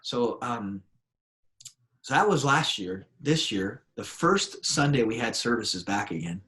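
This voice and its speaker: Animated male pastor telling stories. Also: mid-range voice, unhurried. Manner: animated storyteller, acts out voices in his anecdotes. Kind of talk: conversational storytelling.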